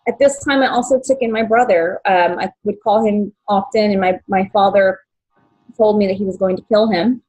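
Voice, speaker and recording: A young adult woman telling her life story as an interview guest, halting, with many fillers and restarts, at times emotional. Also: mid-range voice, darkish tone, muffled recording. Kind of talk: personal story in podcast interview.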